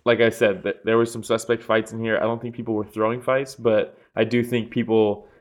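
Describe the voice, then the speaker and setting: Excitable laughing man talking fights. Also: fairly low pitch, a little fast. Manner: excitable, laughs often, swears freely. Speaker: podcast co-host. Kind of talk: casual sports chat.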